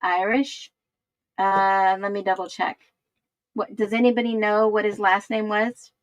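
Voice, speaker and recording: A woman hosts a casual livestream, reading viewers' comments and musing aloud while she searches for things. She speaks slowly, in a mid-range voice. The sound is dry and close, with little room echo. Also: medium pitch, little pitch movement. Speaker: livestream host.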